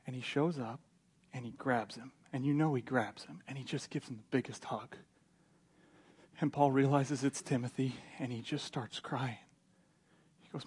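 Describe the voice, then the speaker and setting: A man preaching a sermon as a pastor, retelling scripture in animated, casual storytelling. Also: medium pitch, moderate pace, long pauses, slightly rough.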